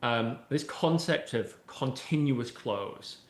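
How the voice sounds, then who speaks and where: A man's voice: mid-range voice, expressive, takes it slowly. A man with a middle-range voice answers interview questions in a loose, conversational flow. He keeps checking in with "right?" and filling with "you know" while he explains. The recording carries a roomy echo. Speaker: AI and automation expert, podcast guest. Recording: roomy echoey room sound.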